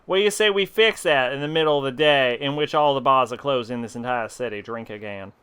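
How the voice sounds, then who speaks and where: A tipsy man with a medium-pitched, smooth, slightly bright voice talks fairly quickly while streaming a game. He reads the dialogue aloud in a put-on southern country drawl, swearing freely as part of his casual commentary.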